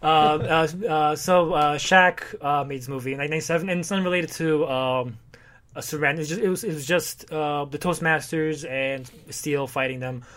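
A man's voice: a little high, normal speed, a bit bright. A man in casual chat recapping a comic, rambling, swearing, and briefly acting out the characters. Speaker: podcast co-host recapping comics.

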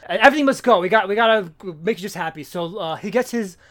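A man in casual chat, retelling a comic's plot in a rambling, animated way with many fillers and restarts. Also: sits high, fast. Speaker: comic book podcast co-host.

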